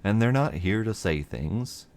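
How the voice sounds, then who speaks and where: A man's voice: on the low side, expressive, unhurried, gravelly, darkish tone, slight background noise. A man reading as a sulky sarcastic teen witch. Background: faint game music.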